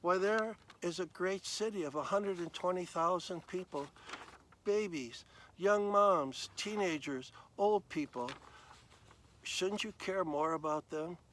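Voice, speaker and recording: A man voicing God in a retold Bible story, who reasons patiently and asks gentle questions. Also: high-pitched, measured pace, slight background noise. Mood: reasoning.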